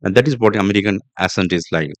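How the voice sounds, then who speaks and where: Deep-voiced man teaching pronunciation. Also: no room sound. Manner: slow, repeats example words aloud. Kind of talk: podcast accent lesson.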